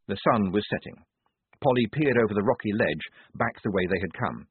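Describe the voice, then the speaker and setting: A man narrating a novel in expressive storytelling style. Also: fairly low pitch, brisk, breathy edge, no room sound. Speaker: audiobook narrator. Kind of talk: scripted narration. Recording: tinny phone-like sound, dry.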